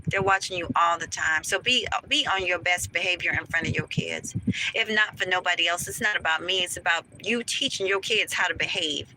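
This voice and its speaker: A woman dental hygienist rants to her viewers in a casual vlog. She is emphatic and preachy and speaks straight to them. Clear car and road noise runs underneath her voice. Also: lowish voice, fairly quick.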